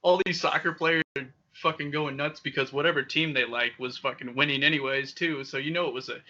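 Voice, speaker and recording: A young man hosting a podcast, telling wild stories in a casual, profane, animated way with frequent laughter. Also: on the high side, a little fast. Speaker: podcast host. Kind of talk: casual storytelling. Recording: dull lo-fi sound.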